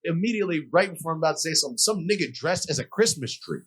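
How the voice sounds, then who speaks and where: A slightly husky young man co-hosting a casual podcast, recounting a story with lots of swing in his voice. He stays animated, laughs through his telling and swears freely. His voice sits a touch higher than most men's. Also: very fast. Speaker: podcast co-host.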